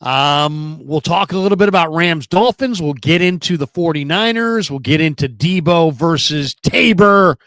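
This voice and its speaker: A man hosting a sports talk stream, with a fairly high voice and a booming, excited delivery. He moves quickly between game talk and chatty sponsor plugs. The sound is dry and close, with no room in it. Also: no room sound. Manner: energetic, booming hype delivery. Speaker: sports talk show host.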